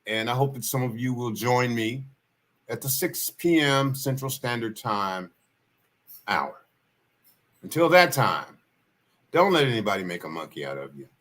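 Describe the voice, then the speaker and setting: A man hosting a livestream with a bright, sharp-edged voice. He talks in a folksy, meandering way at an ordinary pitch and circles back to repeat his main points. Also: lively intonation, unhurried, pauses often. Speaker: livestream host. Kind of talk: casual spoken storytelling.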